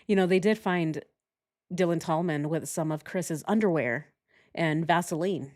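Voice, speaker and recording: A woman's voice: low-pitched, a little slow, darkish tone. A woman hosting a true-crime commentary channel who talks in a chatty, sarcastic way and often laughs. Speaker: channel host.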